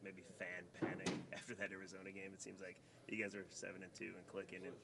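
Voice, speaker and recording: A man's voice: deep voice, monotone, fast, creaky. A male reporter asking long, hedging questions at a press scrum. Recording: distant with heavy noise.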